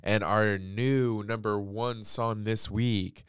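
Congested deep-voiced male podcast host. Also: steady tone, slow pace, over music. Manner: chatty, many fillers like "like" and "um". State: congested from allergies. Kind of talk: casual pop culture chat.

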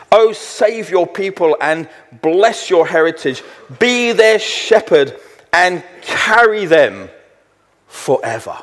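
A middle-aged man delivers a sermon, drawing out scripture verses slowly and with weight. His voice sits a little high for a man. The sound carries a long reverb, as if in a large hall. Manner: slows down to read verses with emphasis. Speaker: preacher.

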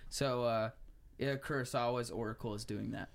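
A man's voice: medium pitch, steady tone, moderate pace, vocal fry. A young man with a mid-range voice trades thoughts in loose podcast banter. He is chummy and swears freely, and he laughs often at his co-host's jokes. He sounds like a comic talking shop. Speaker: stand-up comedian, podcast co-host. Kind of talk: casual chat.

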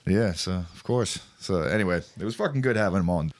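A man banters on a podcast, cursing and teasing his co-host. His voice sits low and the sound is dry and close. He talks loosely, like he is chatting with a friend. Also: animated, brisk, no echo. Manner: profane, jokey, bursts into loud mock voices. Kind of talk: casual banter.

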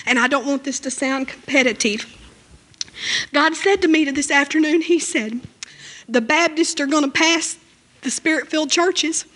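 High-pitched woman preacher, emotional, fervent sermon delivery. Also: a bit bright. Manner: emotional, fervent, with frequent amens and hallelujahs. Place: church.

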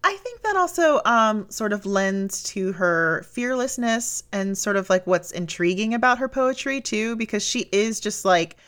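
A woman's voice: medium pitch, lively intonation, a little slow, few pauses, fairly bright tone. A woman co-hosting a podcast, chatting casually and readily agreeing with her co-host. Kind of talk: casual book-club chat.

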